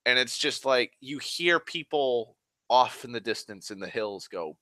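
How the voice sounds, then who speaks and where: A man's voice: mid-range voice, normal speed, pushed and bright, no echo. A man from Massachusetts rambling casually on a stream, profane and self-mocking, a little tipsy on whiskey. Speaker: livestream host.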